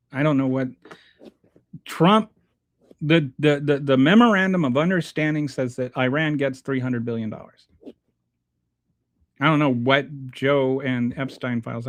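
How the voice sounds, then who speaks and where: A man hosting his own show, reading viewer comments aloud and answering them in a halting, blunt, exasperated way, restarting his sentences often. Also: mid-range voice, a bit bright, dry recording. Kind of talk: casual unscripted commentary.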